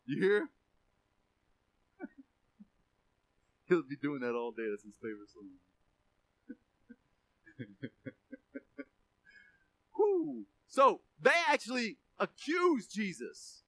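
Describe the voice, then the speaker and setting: A man's voice: sits high, big pitch swings, very slow, long pauses, a bit bright, no echo. A man preaching a sermon to his church, emphatic, often repeating words and asking for an amen. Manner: emphatic, repeats words, asks congregation for amens. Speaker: pastor.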